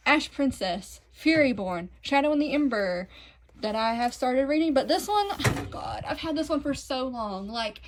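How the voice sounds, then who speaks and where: A woman's voice: sits high, lively intonation, unhurried, a little hiss or hum, rough recording. A young woman with a Southern accent gives a casual, chatty tour of her books, talking to viewers with self-deprecating asides, filmed on a phone in her bedroom. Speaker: book vlogger. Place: bedroom at home. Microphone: phone camera.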